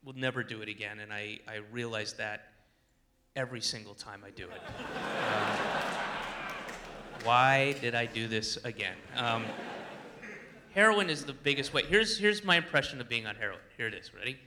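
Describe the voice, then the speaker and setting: A man's voice: medium pitch, moderate pace, background noise. A man doing a stand-up comedy routine, rambling and interrupting himself. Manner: rambling, self-interrupting, animated.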